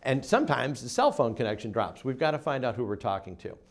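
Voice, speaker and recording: A man's voice: mid-range voice, sing-song. Emphatic man teaching dental staff. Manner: emphatic, acts out phone calls with quick voice shifts. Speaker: dental practice consultant. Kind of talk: seminar talk to dental staff.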